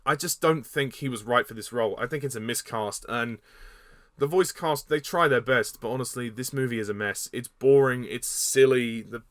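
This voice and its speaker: A man's voice: medium pitch, moderate pace, fairly bright tone, no echo, clean studio sound. A man giving a casual spoken film review, blunt and hesitant, with many fillers and repeated words. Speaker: movie reviewer.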